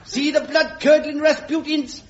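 An actor playing a loud circus barker calling in the crowds with showman patter in an old radio comedy. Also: very high voice, fairly even intonation, a little slow. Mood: brash. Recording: dull old radio recording.

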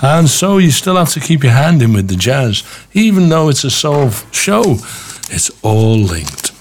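A man's voice: mid-range voice, big pitch swings, slow pace. A man presenting a radio music show, enthusiastic and rambling, talking straight to his listeners.

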